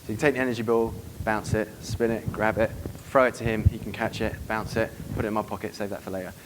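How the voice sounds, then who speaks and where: A man's voice: lowish voice, little pitch movement, fast, background noise. A man giving a live seminar talk to an audience, brash and profane, acting out bits of dialogue as he teaches. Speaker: dating coach giving a seminar.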